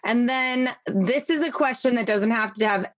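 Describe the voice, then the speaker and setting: A woman's voice: fairly high pitch, moderate pace, no echo. A woman hosting a podcast interview, talking casually and enthusiastically and swearing freely. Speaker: podcast host.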